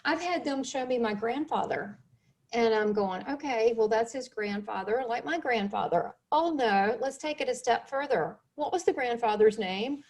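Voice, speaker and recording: A middle-aged woman hosting a casual interview, telling lively stories and laughing often. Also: on the high side, moderate pace. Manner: animated storyteller, laughs often. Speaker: host.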